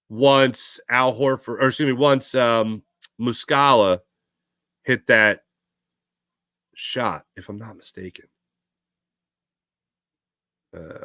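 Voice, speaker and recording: Philly guy hosting sports talk, rambles and corrects himself a lot, bright voice, super dry mic. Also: medium pitch, no echo. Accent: Philadelphia. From Philadelphia area, USA. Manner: rambling, self-correcting storyteller. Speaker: sports talk show host. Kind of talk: casual chat, answering live chat.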